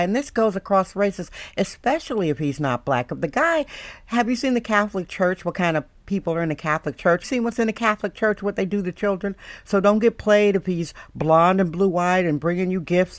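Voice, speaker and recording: A woman's voice: medium pitch, no room sound. An older woman giving direct advice to the camera, emphatic and preachy, often repeating her warnings. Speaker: advice mentor. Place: San Francisco, indoors.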